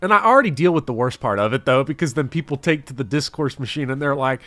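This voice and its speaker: Male streamer host, bright, forceful voice, profane and joking, casual chat over a game, dry close sound. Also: mid-range voice, lively intonation, fast, hardly any pauses, dry recording, soft background music. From US South.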